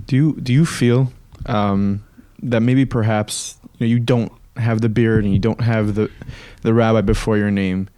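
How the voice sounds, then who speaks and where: Mellow-voiced male podcast host. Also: on the low side, steady tone, normal speed, few pauses, clear, resonant tone, dry recording. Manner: hesitant, rambling questions with fillers. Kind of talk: casual interview questions.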